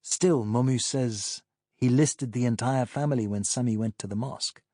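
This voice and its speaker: A man voicing a steady policeman who speaks in a measured, slightly pompous way. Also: medium pitch, no room sound, clean studio sound, natural voice. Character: calm steady country policeman.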